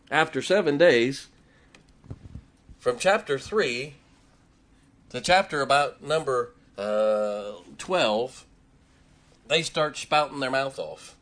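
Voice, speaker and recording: A man's voice: medium pitch, vocal fry, a bit bright. A man preaching a sermon, emphatic and repetitive, his voice rising and falling for effect. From West Virginia. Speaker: pastor.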